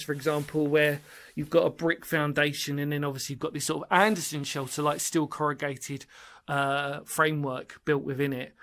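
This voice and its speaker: A man's voice: fairly high pitch, fairly bright tone. Chatty enthusiastic man exploring a bunker. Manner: chatty, rambling, enthusiastic, self-deprecating. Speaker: history explorer presenting his channel. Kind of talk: casual solo exploring vlog. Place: inside a small underground brick bunker in woodland.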